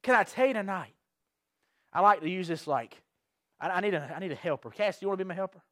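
In a strikingly high voice for a man, a pastor delivers an evening sermon in a church sanctuary, fast and a bit bright. Earnest, he loops back over his phrases and keeps questioning the congregation, and the dry, close recording has almost no room sound.

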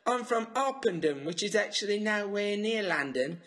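A man's voice: high-pitched, animated, normal speed, a bit bright, voice pushed up. A young man from the North of England putting on an exaggerated chirpy Cockney voice. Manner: exaggerated, giggly put-on Cockney.

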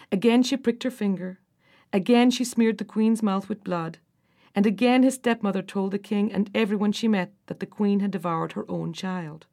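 A woman narrating a storybook fairy tale, her reading rising and falling with the drama. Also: mid-range voice. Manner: expressive, rises and falls with the drama.

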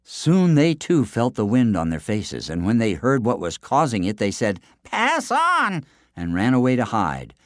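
A man narrating a children's folk tale in an expressive storybook style. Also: lowish voice, normal speed, few pauses, dry recording, studio quality. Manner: expressive, lively reading aloud.

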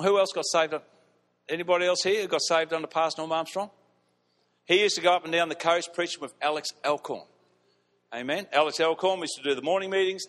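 A fairly high-voiced man preaching to his congregation, telling stories with lively emphasis and repeating key phrases. His voice rings out with a long hall reverb around it. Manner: animated, repeats lines for emphasis, laughs at his own stories. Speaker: pastor. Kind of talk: storytelling sermon. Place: church hall.

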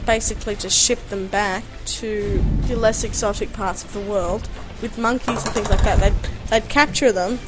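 A woman's voice: medium pitch, moderate pace, music in the background, poor audio. A young woman co-hosting a casual podcast, playful and giggly, telling stories with gusto. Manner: playful, giggly, lively storyteller. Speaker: podcast co-host. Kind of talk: casual chat.

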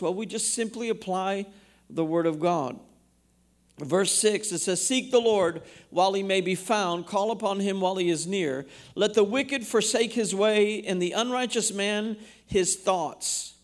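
A man's voice: high voice, a little slow. A man, a pastor, preaching a sermon in a church, reading scripture aloud and asking the congregation questions.

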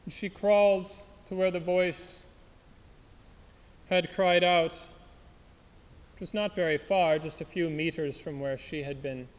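A man tells a dramatic story in an earnest sermon, with a high voice. His delivery is slow and deliberate, and a long hall reverb trails after each line. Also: fairly even intonation.

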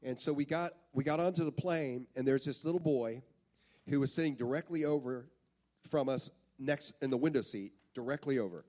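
A pastor preaching a sermon in a church, earnest, repeating phrases for emphasis. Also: male voice, medium pitch, moderate pace, mellow.

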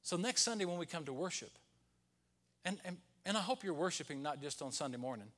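A pastor preaching a Sunday sermon, rising to loud peaks and dropping to hushed, whispered lines. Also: male voice, fairly high pitch, lively intonation, fairly quick.

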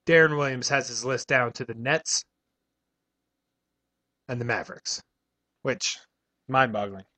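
A man with a bright, forceful voice co-hosts a college radio sports show. He talks casually and rattles off rosters and trade talk in an easy, mid-pitched voice.

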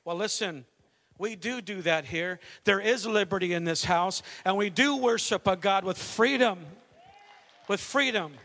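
A middle-aged pastor preaching a fervent sermon, mixing calls to worship with a conversational family story. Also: male voice, sits high, a little slow, a bit bright. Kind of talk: Pentecostal sermon.

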